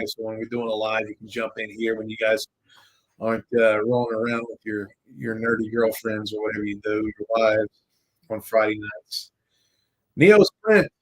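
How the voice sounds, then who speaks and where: A man's voice: medium pitch, rough recording. A man hosting a live podcast, chatting casually in a rambling, jokey way and swearing now and then. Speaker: podcast host. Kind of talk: casual live-stream chat.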